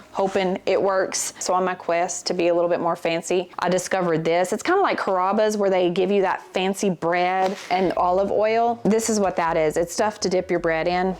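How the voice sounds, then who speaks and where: A young adult woman with a Southern US accent, chatting candidly as she sorts through her pantry and jokes as she goes. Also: medium pitch. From American South. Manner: chatty, candid, jokey asides. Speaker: vlogger. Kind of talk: casual chat while decluttering.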